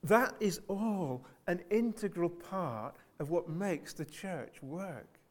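A man preaches earnestly to his church in a high-sitting voice, his intonation lively and his pace slow. He often repeats phrases and puts rhetorical questions to the congregation.

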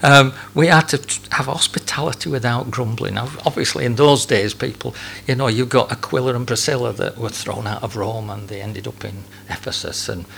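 Gravelly halting preacher. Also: male voice, mid-range voice, a bit bright, a little hiss or hum. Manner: halting, repeats words, chuckles between points. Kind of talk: sermon.

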